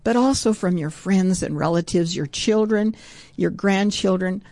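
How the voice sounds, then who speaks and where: A woman's voice: mid-range voice, a little slow, dry recording. Earnest woman teaching scripture, dry close sound. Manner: warm, earnest, reads scripture aloud with growing excitement. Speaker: Bible teacher. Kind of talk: devotional Bible teaching.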